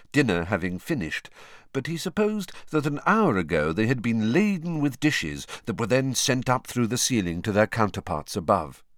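A man narrating an audiobook in an expressive storytelling manner. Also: fairly low pitch, dry recording, clean studio sound. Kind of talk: scripted narration.

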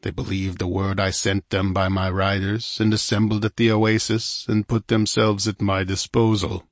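A man voicing a calm, grim barbarian warrior. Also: fairly low pitch, moderate pace, no echo, studio quality, close to an everyday voice. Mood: cold, certain. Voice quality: calm, imperturbable.

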